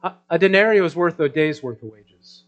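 A man preaching a sermon in a conversational way, checking in with the congregation through rhetorical questions and swinging between loud emphasis and soft asides. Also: a little high, lively intonation, fairly quick, dull audio. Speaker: pastor.

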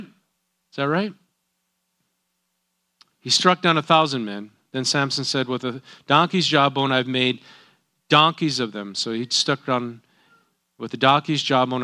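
A man's voice: medium pitch, sharp tone. A middle-aged man reading a Bible passage aloud and breaking in with casual, folksy comments as a teacher. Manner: reads scripture then breaks in with folksy asides.

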